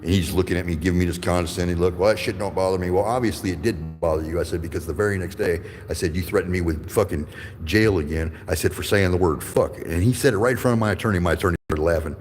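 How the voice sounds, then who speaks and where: Gravel-low, profane man in his fifties. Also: fast, in a large hall, slight background noise. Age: 50s. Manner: angry, profane, rambling storytelling. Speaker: livestreaming channel host. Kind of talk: profane livestream rant. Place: courthouse building with echo.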